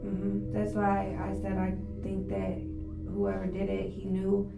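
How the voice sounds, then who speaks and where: A woman's voice: medium pitch, completely flat delivery, a little slow, creaky, over loud music. A woman answering as a witness in a recorded police interview, speaking casually and giving brief answers. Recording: echoey interview-room recording.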